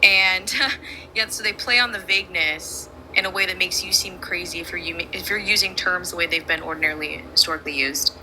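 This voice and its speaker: Woman debating on a call, rapid, talks over people, sharp bright voice. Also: on the low side, fairly even intonation, slight background noise, low-quality recording. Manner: fast, argumentative, talks over others. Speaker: debate guest.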